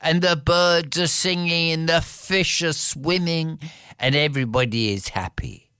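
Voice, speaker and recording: A storyteller telling a fairy tale in an animated, expressive way, with playful repetition. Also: mid-range voice, unhurried, clean tone, no echo, studio quality.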